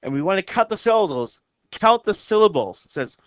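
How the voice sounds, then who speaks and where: A man teaching a lesson, slowly counting the syllables of short poems and reading their lines aloud word by word. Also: sits high, sing-song, no room sound. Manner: slow and careful, reads lines out word by word. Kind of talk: explaining haiku syllable counts.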